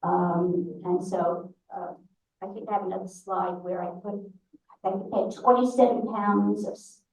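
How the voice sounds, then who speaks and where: A woman's voice: medium pitch, fairly even intonation, vocal fry, a little mellow, far from the mic. New York woman in an echoey hall. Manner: chatty, halting, with many restarts. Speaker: presenter thanking volunteers at a congregation's annual meeting. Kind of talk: informal meeting remarks. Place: synagogue meeting hall. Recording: very echoey hall, voice away from the mic.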